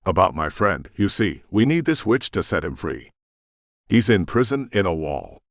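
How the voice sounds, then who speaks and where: A man's voice: low-pitched, very animated, normal speed, no echo, studio quality. A man voicing an earnest young woman in an audiobook, polite and pleading.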